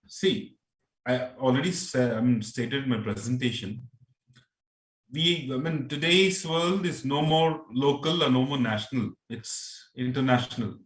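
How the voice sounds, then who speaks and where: Indian male guest speaker, mid-pitched voice, hesitant webinar answers, roomy echo. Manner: hesitant, restarts with "I mean".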